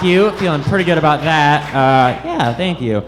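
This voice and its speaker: A man's voice: fairly high pitch, animated, moderate pace, hardly any pauses. A man doing a stand-up set on a comedy club stage, awkward and self-deprecating, stumbling over his lines on purpose. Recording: live club with loud audience noise.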